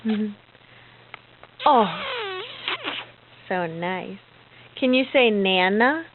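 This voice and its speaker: A woman's voice: high-pitched, animated, slow, phone-quality sound, noisy background. A mother filming her toddler at home, coaxing her in sing-song baby talk. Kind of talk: home video.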